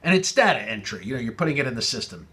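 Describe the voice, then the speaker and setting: Talking very fast in a medium pitch, a male comedian delivers a stand-up style comic story heavy on wordplay. His energy climbs as each punchline lands.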